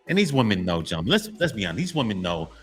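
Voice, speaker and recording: A man's voice: fairly low pitch, very animated, racing, soft background music. A man giving a blunt, repetitive motivational monologue to men, lecturing and half-censoring his swearing. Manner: repetitive, lecturing, keeps addressing "gentlemen". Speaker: men's motivational vlogger.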